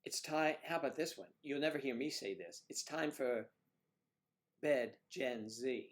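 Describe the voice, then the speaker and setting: A man's voice: medium pitch, measured pace. A man hosting a casual livestream, chatting to viewers by name and drifting from one topic to the next. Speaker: livestream host.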